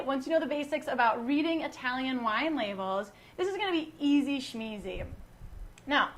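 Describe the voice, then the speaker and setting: A woman from the United States hosting a casual online wine class, chatty and full of teasing jokes. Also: high voice. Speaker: wine educator and host.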